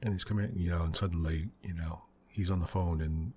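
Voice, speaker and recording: Hushed deep-voiced man, soft ASMR gaming. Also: fairly even intonation, brisk, slight background noise. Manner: rambling storyteller, many "you know" fillers; quiet, hushed delivery. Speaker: gaming channel host.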